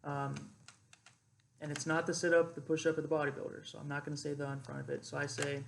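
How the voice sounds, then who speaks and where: Gravelly young man explaining drill calls. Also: fairly high pitch, completely flat delivery, quick pace, slight background noise. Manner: demonstrates loud drill cadence calls between casual explanation. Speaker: ROTC cadet instructor. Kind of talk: informal instructional explanation.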